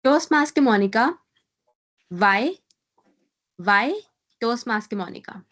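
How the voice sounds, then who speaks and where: A woman hosting an online club meeting over a video call, making brisk, upbeat introductions. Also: on the high side, lively intonation, fairly bright tone.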